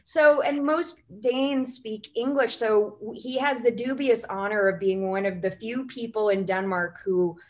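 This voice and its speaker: A woman's voice: fairly high pitch, steady tone, a little slow, hardly any pauses. A woman, a writer and goals coach, talking as a podcast guest and telling long, chatty stories full of "you know" and "like". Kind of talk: casual interview chat.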